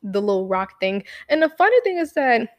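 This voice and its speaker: Young woman, casual storytime, cursing often, animated, filler-heavy, acts out quotes. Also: fairly high pitch, a little fast. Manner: profane, animated, full of fillers and acted quotes.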